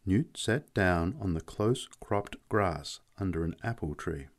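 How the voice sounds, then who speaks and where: A man narrating a story aloud in a measured storytelling manner. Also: low-pitched, expressive. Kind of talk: audiobook narration.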